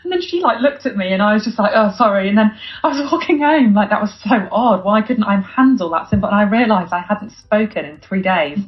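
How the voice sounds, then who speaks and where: A woman from Britain hosting a podcast interview, chatty and quick to laugh, with lots of fillers. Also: medium pitch, lively intonation. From United Kingdom. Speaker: podcast host. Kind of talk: conversational interview. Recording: dull lo-fi audio.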